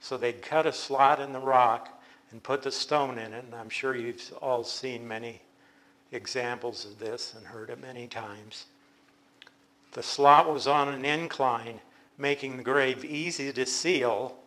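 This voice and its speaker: A man's voice: medium pitch, fairly even intonation, a bit bright. A man teaching a Bible study, explaining patiently and often restarting his sentences. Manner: explanatory, unhurried, with frequent restarts.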